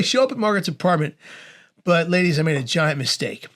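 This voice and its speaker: A man in his forties telling a comic story as a guest, animated and acting out the voices of the people in it. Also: fast. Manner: animated, acts out quoted voices with big pitch swings.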